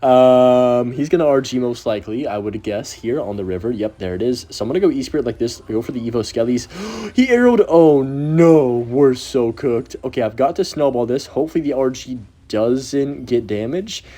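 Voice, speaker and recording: A young man giving excitable gameplay commentary while he plays, talking to himself and to viewers. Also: medium pitch, a little fast. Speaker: gaming video creator.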